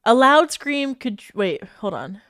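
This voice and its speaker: A woman's voice: a little high, big pitch swings, slow, a bit bright, no room sound, clean studio sound. Giggly woman reading fanfiction aloud. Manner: giggly, exclaiming, reacting. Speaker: streamer.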